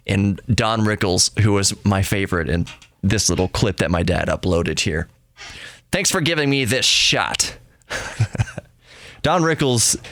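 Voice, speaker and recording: A man's voice: mid-range voice, a bit bright, dry recording. A man hosting a podcast, chatting casually and joking as he tells a story about his family. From Texas. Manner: chatty, self-interrupting, joking. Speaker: podcast host.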